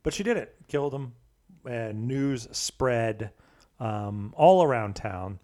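Slow-talking man with many fillers. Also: mid-range voice, expressive, dark tone. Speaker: podcast co-host. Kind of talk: casual storytelling chat.

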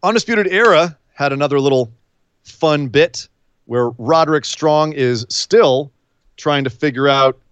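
A man co-hosting a podcast in casual chat, animated, with incredulous outbursts and quick asides. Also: a little high, clean tone, no room sound. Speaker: podcast co-host. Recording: dull, lo-fi dry sound.

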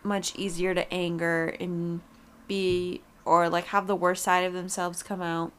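A woman's voice: fairly low pitch, level tone, a little slow, clean tone. A young woman co-hosting a podcast, talking things through with hedges and the odd blunt remark. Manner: thoughtful, hedging, blunt at times. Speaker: podcast co-host. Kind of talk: casual chat.

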